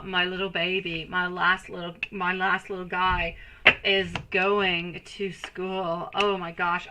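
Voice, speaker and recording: Bright-voiced woman reading tarot live. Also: fairly low pitch, slight background noise, rough recording. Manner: affectionate, calls viewers sweetie and my love; chatty, rambling. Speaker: tarot reader.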